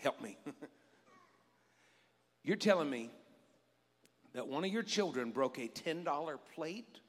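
A middle-aged man preaching a sermon as pastor, animated and joking with his congregation. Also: fairly high pitch. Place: church sanctuary. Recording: long reverb of a church hall.

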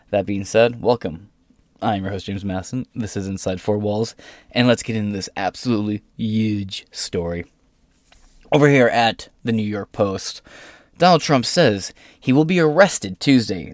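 Young man, host, casual news commentary, sarcastic profane asides, lowish voice, dry close sound. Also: no echo.

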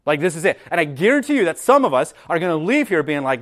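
Conversational preacher with a slightly high voice. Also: male voice, very animated, a bit bright. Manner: conversational, repeats words and says "like" and "right?" often; reads scripture aloud slower and lower. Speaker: pastor. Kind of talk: sermon. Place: church sanctuary.

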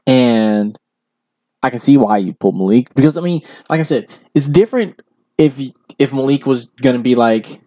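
A man hosting a casual commentary show, telling a story in a rambling, animated way with lots of filler words and acting out the people he quotes. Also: medium pitch, normal speed, no room sound. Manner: acts out quoted people in raised voices. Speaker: podcast host.

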